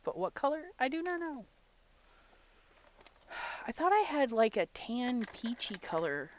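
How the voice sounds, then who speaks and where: A slightly high, sing-song voice belongs to a woman hosting a casual crafting livestream at an unhurried pace. She's a chatty storyteller, laughing frequently, acting out little quotes, and giving shout-outs to those tuning in.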